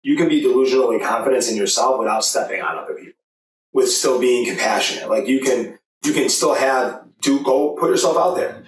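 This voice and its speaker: Man, podcast host, animated, middle pitch, far from mic, heavy room echo. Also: a little fast. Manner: animated, retells stories with quotes. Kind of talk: casual podcast conversation. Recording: very echoey room, distant mic.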